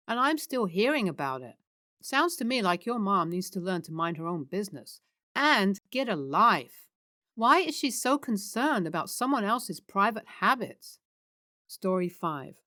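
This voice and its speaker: Lady reading out reddit-style stories, mid pitch, steady scripted read, dry close mic. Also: no room sound. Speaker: story narrator. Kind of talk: scripted narration of reader stories.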